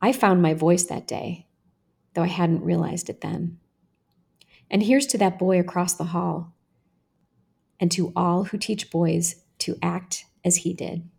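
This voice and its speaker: A woman podcast host reading her own personal essay aloud in a measured, earnest way. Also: on the low side, vocal fry, mellow, husky.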